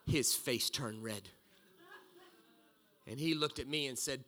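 A middle-aged man preaching a sermon, telling a story with loud bursts and low asides. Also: takes it slowly. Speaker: pastor.

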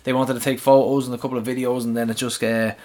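A man's voice: mid-range voice, little pitch movement, quick pace, a little mellow. A man with an Irish accent co-hosting a fan podcast, chatting in an easygoing way. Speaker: podcast co-host. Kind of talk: casual chat.

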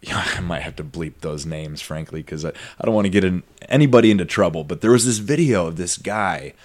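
A man's voice: low voice, fairly quick, a little mellow. A man hosting a podcast, telling a long story in a rambling, casual way full of fillers and asides. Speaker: podcast host. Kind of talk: casual conversation.

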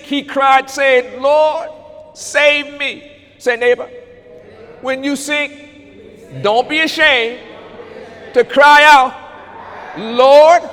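A man's voice: extremely high pitch, a bit bright, in a large hall. A man preaching a sermon in a church, calling out to the congregation and quoting scripture. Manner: preaching with call-and-response to congregation. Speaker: pastor.

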